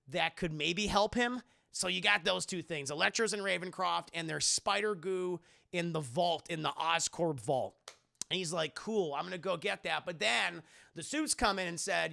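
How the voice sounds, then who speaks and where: A man's voice: a little high, creaky, sharp tone. A man giving a sarcastic, profane spoiler recap of a film to his stream chat, acting out the characters' lines as he goes. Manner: sarcastic, profane, acts out quotes; addresses chat directly. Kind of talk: casual spoiler review recap.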